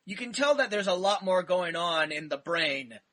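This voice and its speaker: Male podcast host, high, bright, energetic storyteller riffing on a film. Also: normal speed. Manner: animated storyteller, breaks into laughs. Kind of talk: casual movie-review chat.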